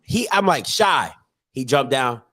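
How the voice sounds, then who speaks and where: A man in his thirties hosting a casual talk show, telling family stories with animated voices and frequent laughter. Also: medium pitch, unhurried. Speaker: podcast host. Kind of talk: casual storytelling.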